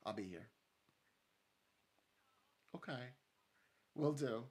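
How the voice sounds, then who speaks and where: A man's voice: mid-range voice, expressive, extremely slow, darkish tone, husky. A man chatting casually as a psychic reader, rambling, laughing often and acting out what others said. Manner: rambling, laughs often, acts out quoted speech. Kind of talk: casual chat with a client.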